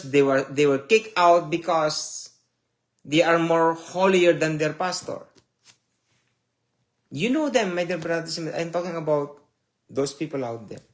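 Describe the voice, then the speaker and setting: A male preacher delivers a sermon slowly, with a fairly high voice. He reads scripture in loud swells and then drops into near-murmured asides to his listeners, sounding tearful at times. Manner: slow, emotional preaching with swells and drops in loudness.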